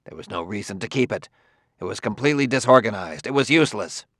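Guy reading as a proud scientist, clipped and defensive, kinda low and tight, dry sound. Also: lively intonation, quick pace, fairly bright tone, no echo. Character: proud male roboticist, stiff and defensive.

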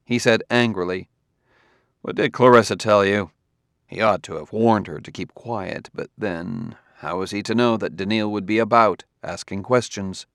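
Male audiobook narrator, low and gravelly, steady delivery, very dry close recording. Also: normal speed, few pauses, dry recording. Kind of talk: scripted narration.

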